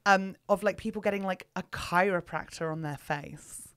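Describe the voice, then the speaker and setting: A woman's voice: on the low side, normal speed, clean tone. A woman co-hosting a chat podcast, rambling with lots of "like" and laughing often. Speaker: podcast co-host. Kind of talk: casual chat.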